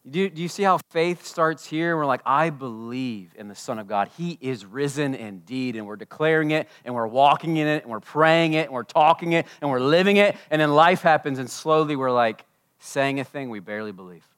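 A man preaching a sermon at a church service, impassioned, swinging between loud declarations and hushed asides. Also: a little high, brisk, clean tone. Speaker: pastor.

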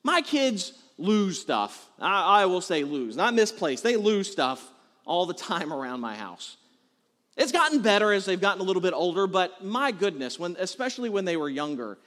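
A pastor with a high-pitched voice preaches a sermon, talking casually and joking as he tells stories to his congregation. His delivery is conversational and animated, and the sound suggests a big room.

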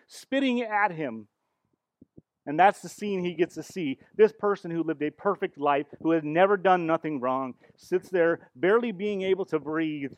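A man's voice: high-pitched, normal speed, dry recording, poor audio. A man preaching a sermon in church as pastor, retelling the crucifixion with dramatic, building intensity. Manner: dramatic, rising to intense passages. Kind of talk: sermon with live demonstration.

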